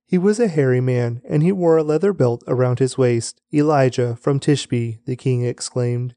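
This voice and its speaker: Warm-voiced man reading scripture. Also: mid-range voice, no room sound, studio quality. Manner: measured, even reading with slow, deliberate headings. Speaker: scripture reader. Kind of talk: daily Bible reading.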